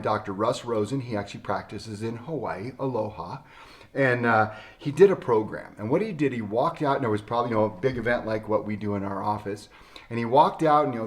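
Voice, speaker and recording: A man who works as a chiropractor, talking casually to camera in a folksy, storytelling way with emphatic turns. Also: medium pitch.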